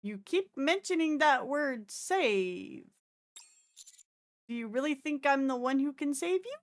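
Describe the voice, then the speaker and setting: A woman voicing a calm, steady male commander who speaks in a measured, reassuring way. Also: high voice. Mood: probing.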